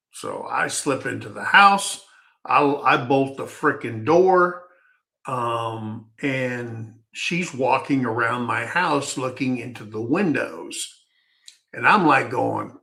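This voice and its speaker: A man talks slowly and unhurriedly, letting a personal story wander in a folksy, rambling way. His voice is bright and forward, and he often trips over his words and starts a sentence again. It feels like relaxed podcast chat rather than scripted delivery. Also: medium pitch. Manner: rambling, folksy, halting with restarts.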